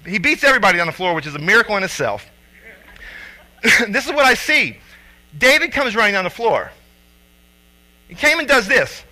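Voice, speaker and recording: A man in his thirties, a father and youth coach, telling a personal story with lively acted-out quotes. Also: high voice, moderate pace, pauses often, rough recording. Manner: animated storyteller acting out quotes loudly.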